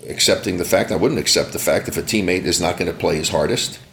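A man's voice: low-pitched, fast talker, gravelly, a bit bright, slight background noise. An older man being interviewed, who tells stories bluntly and emphatically and acts out the voices in his anecdotes. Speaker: interview guest. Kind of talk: animated interview storytelling.

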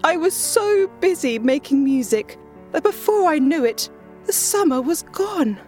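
A woman's voice: high-pitched, animated, a little slow, darkish tone, soft background music, pitched above the performer's own voice. A woman voicing a carefree male grasshopper in a storybook reading, whining about having no food.

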